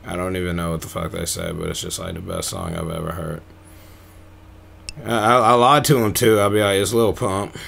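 A man's voice: low-pitched, fairly even intonation, a little fast, vocal fry, fairly bright tone. A man talking casually as he reacts to a song, rambling and swearing, with lots of "like" fillers. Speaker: music reaction host.

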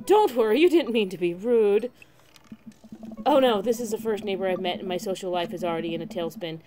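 A woman's voice: mid-range voice, a little fast, over music, lightly acted. A woman voicing an awkward, flustered single dad in a game.

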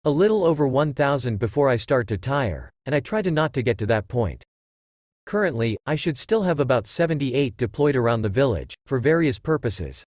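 A man's voice: mid-range voice, very animated, fairly quick, darkish tone, no room sound. A man voicing a confident young ninja who talks bluntly and matter-of-factly. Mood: steady.

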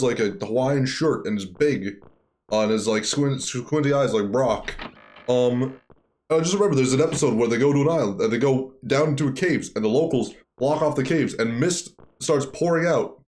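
A man's voice: medium pitch, normal speed. A young man chatting loosely and swearing a lot while playing a horror game on stream, rambling through stories. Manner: rambling and profane, animated storytelling. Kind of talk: casual gameplay chat.

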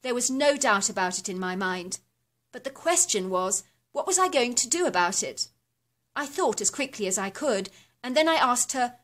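A woman reading a first-person horror story aloud in a steady, descriptive storytelling manner. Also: fairly high pitch, normal speed. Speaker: narrator.

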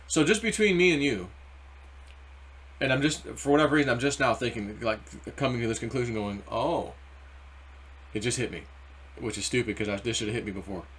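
A man in the middle of his normal pitch range, chatting casually about markets. He rambles from one thought to the next. He jumps into quick acted-out quotes along the way. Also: breathy edge. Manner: rambling, animated, acts out quoted voices. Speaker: crypto video host.

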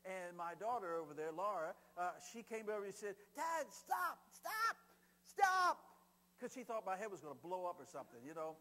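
An older man preaching a sermon as a pastor, animated and swinging between loud, excited stretches and hushed ones. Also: high-pitched, fast, hardly any pauses. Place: church service. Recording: echoey hall with faint hum.

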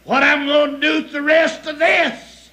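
A man voicing a country wife, calling out in a high, pleading whine. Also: level tone, unhurried, bright, forceful tone, exaggerated voice.

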